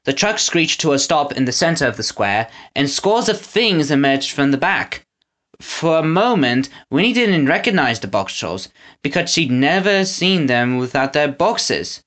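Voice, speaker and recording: A man narrating a children's audiobook with an expressive reading. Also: on the high side, measured pace. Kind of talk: storybook narration.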